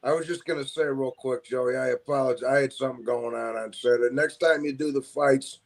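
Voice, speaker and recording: A man's voice: medium pitch, steady tone, fairly quick. Man, caller, casual stream chat, apologetic, stammering restarts.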